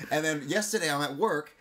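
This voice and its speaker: A man's voice: on the high side, moderate pace, sharp tone. A man co-hosting a podcast in casual chat, wisecracking and cracking crude jokes. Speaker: podcast co-host.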